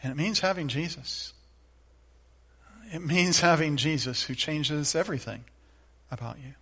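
A middle-aged male pastor delivering a sermon in a slightly high voice. He is earnest, pushing some lines out loudly and dropping others to a near hush. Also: measured pace. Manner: earnest, swings from loud emphatic lines to soft, hushed ones.

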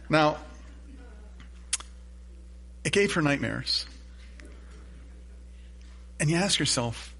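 Pastor, middle-aged man, slightly high, bright, forceful voice; storytelling sermon, talks straight to the congregation. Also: expressive, extremely slow, vocal fry, pauses often. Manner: storytelling, self-deprecating, engages the congregation with questions.

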